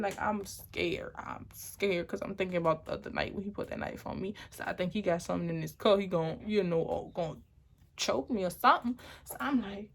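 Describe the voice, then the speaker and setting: A young adult woman telling a personal storytime on her vlog, animated and rambling with many restarts. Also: mid-range voice, normal speed. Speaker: vlogger.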